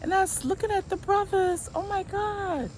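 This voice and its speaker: A woman vlogger chatting casually to her viewers in an animated, exclamatory way. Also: extremely high pitch, normal speed, slight background noise. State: emotional, close to tears. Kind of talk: casual vlog chat.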